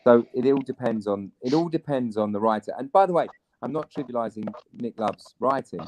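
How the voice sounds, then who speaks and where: A man, an actor chatting as a guest and telling animated anecdotes. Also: mid-range voice, brisk, slight background noise, poor audio. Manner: animated storyteller, mimics other people. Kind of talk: casual chat, anecdotes.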